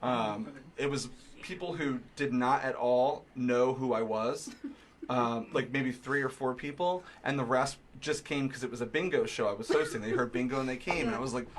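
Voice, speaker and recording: A man's voice: medium pitch, normal speed. A young adult man with a Philadelphia accent, a comedian chatting as a studio guest and telling stories with frequent laughs. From Philadelphia area. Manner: animated storytelling, laughs often. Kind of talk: casual chat.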